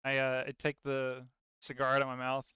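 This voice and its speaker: A man's voice: medium pitch, completely flat delivery, normal speed, bright, forceful tone, clean tone, no room sound. Laid-back man playing a tabletop game, muffled. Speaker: player. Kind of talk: in-character tabletop role-play. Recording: dull, lo-fi mic.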